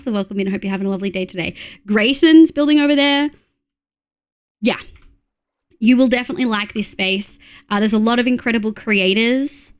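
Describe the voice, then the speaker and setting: A young Australian woman chatting casually while live-streaming a game, excitable and swearing freely. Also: a little high, smooth.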